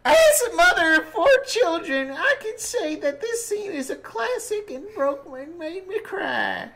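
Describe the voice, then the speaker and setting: A man putting on a high, gushing voice as a sentimental mother of four, mock-earnest. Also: big pitch swings, a little slow, creaky, a crowd in the background, exaggerated voice, poor audio.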